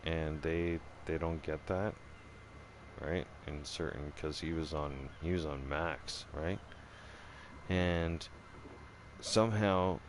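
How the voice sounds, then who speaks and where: A man with a deep, low voice tells a story from his own channel at an unhurried pace. His talk is casual and profane, full of restarts and tag questions. A faint hiss sits under the recording. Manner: profane and rambling, restarts a lot, keeps asking "right?". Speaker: channel host telling a story.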